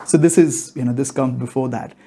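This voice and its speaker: A man's voice: mid-range voice, fairly quick, mellow, husky. A man giving a casual movie review, rambling and filling his talk with "like" and "you know".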